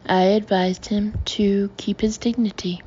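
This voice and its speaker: A woman's voice: mid-range voice, flat delivery, a little slow, mellow, muffled recording, a little hiss or hum, close to an everyday voice. A woman reading the part of an arrogant, impatient young man with a dismissive manner.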